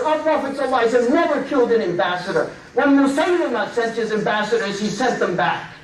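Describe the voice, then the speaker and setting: Brief: emphatic male preacher, high-pitched voice, heard from a distance. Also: expressive, fast, few pauses, slight background noise. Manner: emphatic, rhetorical questions. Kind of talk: sermon. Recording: echoey room, distant mic.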